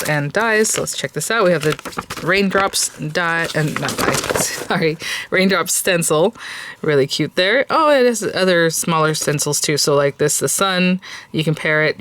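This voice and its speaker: A woman's voice: deep voice, background noise. Chatty woman unboxing craft kits. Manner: chatty, enthusiastic, many fillers and restarts. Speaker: craft channel host. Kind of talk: casual product unboxing chat.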